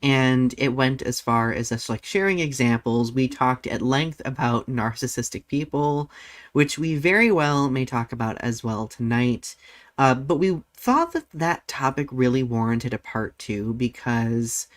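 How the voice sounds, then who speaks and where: A man's voice: medium pitch, measured pace. A man hosting a casual talk show, speaking animatedly, laughing easily and peppering his speech with "like.". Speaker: podcast host. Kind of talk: casual chat.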